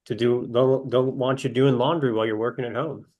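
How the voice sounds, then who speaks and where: A man's voice: medium pitch, steady tone, fairly quick, darkish tone. A man playing as a contestant on a podcast quiz, joking around in an offhand way. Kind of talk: casual chat.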